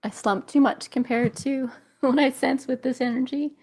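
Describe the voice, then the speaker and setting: A woman hosting a live intuitive reading show, speaking softly and slowly, at times close to tears. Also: high-pitched, fairly even intonation. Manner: soft, gentle, slow and emotional. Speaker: intuitive reader, show host. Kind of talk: live psychic reading session.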